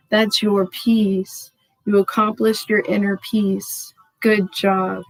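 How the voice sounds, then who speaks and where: A medium-pitched woman, recorded with poor audio, gives her viewers an emphatic channeled tarot reading. She peppers it with "y'all" and "freaking," staying effusive throughout and getting particularly worked up when she reveals the cards.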